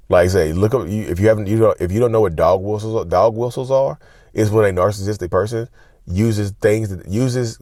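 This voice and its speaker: Low-voiced man talking straight to viewers. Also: mellow, no room sound, clean studio sound. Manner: repetitive, restarts, addresses viewers as y'all. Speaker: channel host, self-described narcissist. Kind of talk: casual advice vlog to camera.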